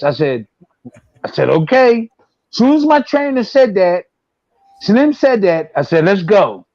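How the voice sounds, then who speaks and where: A man's voice: sits high, big pitch swings, unhurried, long pauses, a little mellow, dry recording. A man in his sixties, a former boxer, telling long rambling stories and repeating himself as he acts out quotes. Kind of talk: casual storytelling. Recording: dull, dry lo-fi sound.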